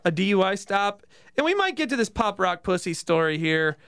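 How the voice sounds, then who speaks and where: A man with a high, gravelly voice hosts a casual comedy podcast. He tells his stories in an animated way and laughs often. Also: brisk. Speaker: podcast host.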